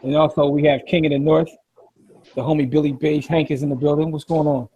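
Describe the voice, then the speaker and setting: Man, podcast host, husky voice, slightly high pitch, laid-back. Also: little pitch movement, brisk, dark tone, highs cut off. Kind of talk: casual sports-podcast hosting.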